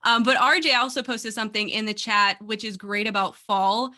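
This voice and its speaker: Chatty female podcast co-host, bright, slightly high voice. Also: fairly even intonation, moderate pace. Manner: upbeat, chatty, laughs easily. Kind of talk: casual podcast chat.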